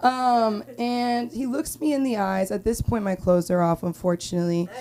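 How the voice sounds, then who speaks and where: A young woman from Los Angeles performing a rambling stand-up comedy set at an open mic, with filler-heavy talk and sudden loud outbursts. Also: medium pitch, steady tone, normal speed, a crowd in the background.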